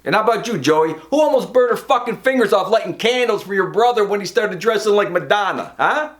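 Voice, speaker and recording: A man's voice: sits high, animated, brisk, few pauses, a bit bright. A brash, profane man, performing a comic monologue as a construction boss scolding his crew. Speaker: comedian playing a construction boss.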